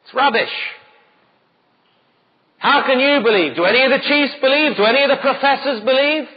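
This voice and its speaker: A man voicing a scornful male intellectual, mocking in a high, scoffing tone. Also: normal speed, long reverb tail, highs cut off, slight background noise. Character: sneering elitist male scholar, scornful.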